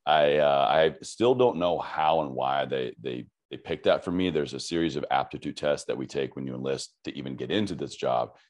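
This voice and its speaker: Man, very low deep voice, relaxed chatty storytelling, lots of ums. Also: moderate pace, few pauses. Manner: relaxed, chatty, frequent fillers. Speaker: guest, army veteran and podcaster. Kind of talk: casual interview storytelling.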